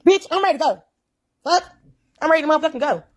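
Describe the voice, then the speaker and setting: A woman's voice: high voice, lively intonation, quick pace, darkish tone. A woman in a played video clip, ranting furiously with constant cursing and repeating herself in agitation. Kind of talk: furious profane rant.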